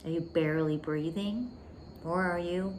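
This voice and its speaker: Low-voiced woman podcast host coaching intimately. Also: steady tone, normal speed, darkish tone, slight background noise. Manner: intimate, emphatic, calls listener "baby", drops to whispers. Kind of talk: relationship coaching monologue.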